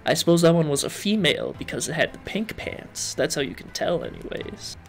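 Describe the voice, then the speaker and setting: A man's voice: a little high, lively intonation, brisk, creaky. A young man giving playful, joking let's-play commentary as he works through a game. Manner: playful, jokey, chatty with game characters. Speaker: gaming video host.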